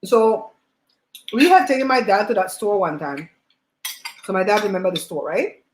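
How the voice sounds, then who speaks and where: A woman hosting a livestream, chatting and telling stories in an animated way while eating at home on a laptop mic. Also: medium pitch, normal speed, roomy sound, slight background noise, rough recording. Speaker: host.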